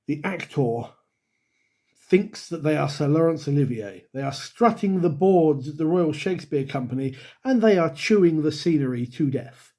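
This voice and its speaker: A man's voice: fairly high pitch, warm tone. A middle-aged man from the UK, hosting his own channel and talking straight to camera with candid, wry opinions and the odd sigh. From United Kingdom. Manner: wry, candid, with sighs and dry asides. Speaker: YouTube host and dungeon master. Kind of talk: opinionated solo talk to camera.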